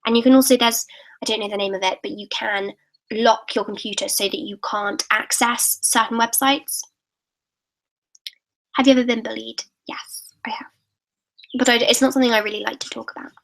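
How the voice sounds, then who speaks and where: A woman's voice: on the high side, fairly even intonation, normal speed, pauses often, a bit bright, low-quality recording. A teenage girl in a casual live-stream Q&A, reading out viewers' comments and answering them in a chatty, upbeat way. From United Kingdom. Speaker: YouTuber answering live questions.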